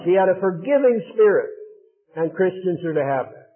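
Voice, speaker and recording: A man's voice: sits high, animated, normal speed, long pauses. Man preaching over tinny phone-like audio. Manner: earnest expository preaching with rising emphasis. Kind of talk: sermon.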